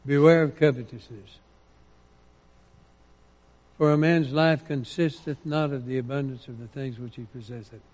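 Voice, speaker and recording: A man preaching a sermon, quoting scripture with rising emphasis and dropping into quiet asides. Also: mid-range voice, little pitch movement, a little fast, hardly any pauses, in a large hall.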